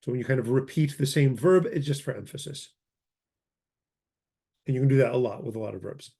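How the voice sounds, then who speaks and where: A man's voice: mid-range voice, fairly quick, creaky, dark tone, breathy edge. A man giving an informal grammar lesson, reading from a textbook, thinking aloud and correcting himself as he goes. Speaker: language teacher.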